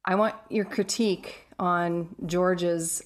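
Woman host asking questions, friendly and chatty, kinda low voice. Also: normal speed. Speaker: interview host. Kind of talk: casual interview chat.

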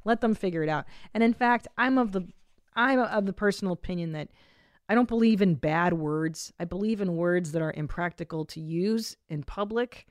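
A woman's voice: on the low side, moderate pace, no echo, studio quality. A woman hosting a comedy podcast, chatting loosely and profanely and reading out listener messages with laughs. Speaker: podcast host.

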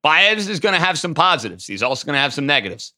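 A man hosting a call-in sports talk show, taking callers and arguing his takes emphatically. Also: a little high. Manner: emphatic, animated, quick to riff. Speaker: sports radio host.

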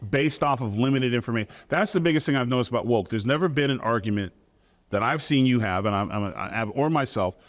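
A man's voice: medium pitch, animated. A man giving his views in a casual discussion, restarting his sentences often. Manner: halting, restarts mid-sentence. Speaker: guest commentator.

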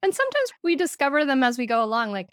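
Brief middle-aged woman, lively storyteller with frequent laughs, dry close mic. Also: high-pitched, fast, no echo. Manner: animated storytelling, laughs often. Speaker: podcast guest, parenting author. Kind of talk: conversational interview.

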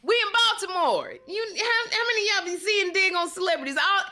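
Bright-voiced woman telling a lively story. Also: extremely high pitch, a little fast. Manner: lively, acts out voices in her stories, laughs often. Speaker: guest telling dating stories. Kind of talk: animated storytelling on a talk show.

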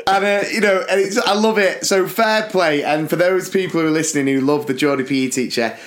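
A man co-hosting a podcast, telling stories in animated fashion and acting out quotes. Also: on the high side, fairly quick, slight background noise. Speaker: podcast co-host. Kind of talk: casual chat.

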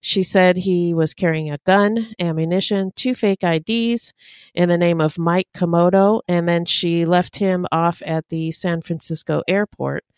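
A woman co-hosting a true-crime podcast, reading case notes in a steady, matter-of-fact way. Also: lowish voice, unhurried, smooth, no echo, studio quality. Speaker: podcast co-host.

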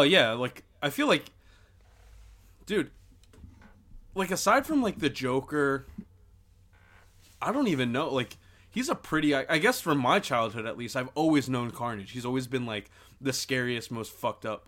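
A man's voice: medium pitch, lively intonation, moderate pace, long pauses, fairly bright tone. A young man co-hosting a podcast, chatting casually, joking and rambling with lots of filler words. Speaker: podcast co-host. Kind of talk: casual chat.

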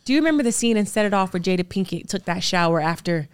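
As a podcast guest, a woman in her thirties who acts and produces gives a candid interview in a smooth, expressive, medium-pitched voice at a fast clip. Earnest and emphatic, she tends to string rhetorical questions together.

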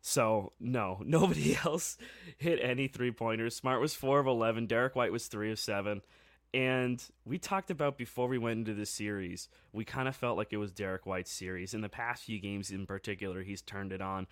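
A man co-hosting a sports podcast, telling a game story in a casual, excitable way with lots of fillers. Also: lowish voice, moderate pace, no echo, clean studio sound.

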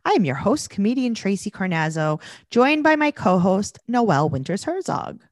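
A woman's voice: medium pitch, very animated, normal speed, dry recording, studio quality. A woman comedian hosting a podcast, chatting casually in a wry, joking way.

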